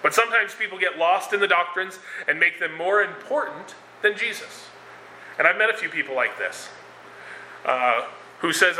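A man preaches in a relaxed, conversational way, often pausing on fillers and restarting his sentences. His voice sits a little high and rings very bright and sharp. The room around him is echoey, with faint ambient noise. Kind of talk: sermon.

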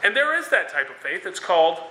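A man's voice: sits high, very animated, fairly quick, background noise. A man giving a conversational sermon, with frequent fillers and restarts as he explains scripture and tells a story. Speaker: preacher. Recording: echoey room.

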